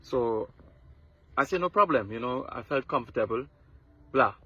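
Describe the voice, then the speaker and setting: A man's voice: mid-range voice, expressive, normal speed, slightly rough, dry recording, muffled recording. A Trinidadian man telling what happened to him in a casual video, stumbling and repeating words. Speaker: TikTok influencer.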